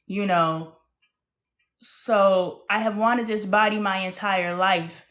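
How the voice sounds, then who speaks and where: A woman's voice: medium pitch, slow pace. Chatty woman hosting a casual livestream. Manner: chatty, animated storytelling with playful exclamations. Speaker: host.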